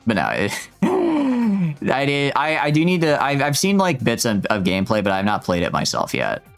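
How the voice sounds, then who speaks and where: A man streaming a game live, his voice swinging up and down as he jokes with chat. He stammers and restarts his sentences often, talking in an animated, rambling way. Quiet game music plays behind him. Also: mid-range voice, normal speed, vocal fry. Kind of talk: live gameplay commentary. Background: faint game music.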